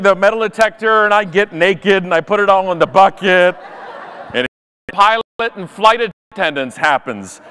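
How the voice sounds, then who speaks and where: A man's voice: high voice, sharp tone, clean tone. A Canadian man telling a comic travel story as a conference speaker, self-mocking and acting out the people in it. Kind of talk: comedic keynote storytelling. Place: conference stage before a live audience.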